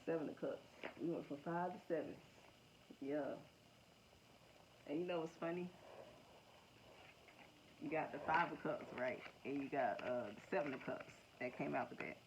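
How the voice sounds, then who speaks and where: A woman giving a casual tarot reading to her viewers, slangy, profane and excitable, laughing often. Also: sits low, normal speed, long pauses. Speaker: tarot reader. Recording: dull lo-fi sound with faint noise.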